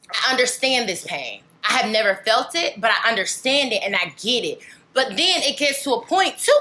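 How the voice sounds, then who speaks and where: A young adult woman vlogger with a fairly high, sharp-toned voice chats candidly to the camera. She rambles and fills her speech with "like" and "legit."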